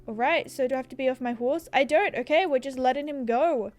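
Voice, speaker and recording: A woman's voice: high voice, fast talker, hardly any pauses, dry recording. A young Australian woman in her twenties, giving casual, self-deprecating gameplay commentary into a desk microphone in her apartment, laughing often. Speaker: gaming YouTuber. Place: apartment room.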